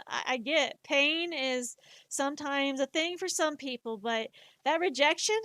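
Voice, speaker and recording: Streamer woman, casual rambling chat, slightly high voice, dry close sound. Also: a little slow, dry recording. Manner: rambling and candid, with frequent stammered restarts; self-mocking, animated when acting out inner dialogue. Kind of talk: casual chat while drawing on a live stream.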